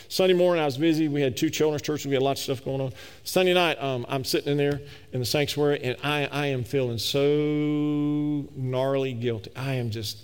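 A middle-aged man preaching a sermon, telling a personal story in a folksy, animated way full of repetitions. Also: medium pitch, clear, resonant tone, long reverb tail. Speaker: pastor.

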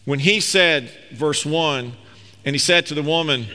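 A man's voice: fairly high pitch, normal speed, bright, forceful tone. A man preaching a sermon as pastor, reading scripture aloud and explaining it with emphatic, rising delivery. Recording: long reverb of a large hall.

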